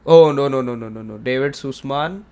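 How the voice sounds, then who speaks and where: A man's voice: mid-range voice, normal speed, mellow. A man in his twenties with an Indian accent, hosting his podcast in a hyped, rambling, joking way. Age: 20s. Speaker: podcast host. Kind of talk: casual solo podcast chat.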